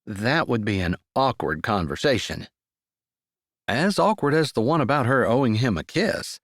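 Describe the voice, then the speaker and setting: A man narrating a sweet romance audiobook in a scripted, expressive reading. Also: medium pitch, moderate pace, no echo, studio quality.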